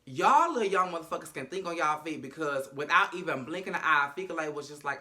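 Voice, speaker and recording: A man's voice: a little high, animated, fast, few pauses, sharp tone. A man recapping a TV episode in a casual, sassy, profane and dramatic way. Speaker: show recapper.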